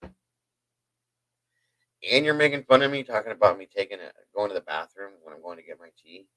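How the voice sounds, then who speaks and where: A livestream host at home spins a hyper, meandering story for his live chat, breaking off to chat with viewers. His voice sits on the low side, slightly bright and a little fast, with lively intonation. The recording is low quality but without echo.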